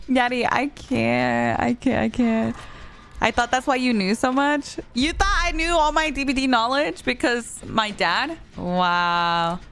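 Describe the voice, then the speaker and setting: A woman's voice: fairly high pitch, slow pace, vocal fry. A young woman streaming a game, chatting casually and teasingly with her viewers and laughing often. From Spanish-speaking background. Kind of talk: casual live-stream chat. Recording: soft music playing behind.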